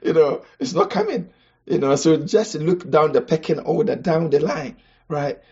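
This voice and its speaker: A man from Ghana, teaching about marriage on a podcast, emphatic, with rhetorical questions and sudden high-pitched exclamations. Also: steady tone, moderate pace, warm tone, husky, lo-fi sound.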